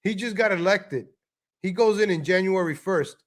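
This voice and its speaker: High-voiced ranting New man. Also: moderate pace. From New York. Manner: heated, mocking, profane rant. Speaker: live stream host. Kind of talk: live stream commentary over a video.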